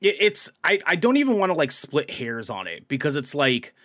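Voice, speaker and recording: A man with a slightly high, very lively voice rants about a film in casual conversation. He swears easily, laughs at his own points and trips over restarts. The recording is dry and close. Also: normal speed, no room sound. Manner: animated, profane, laughs a lot, trails off and restarts. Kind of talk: casual movie review chat.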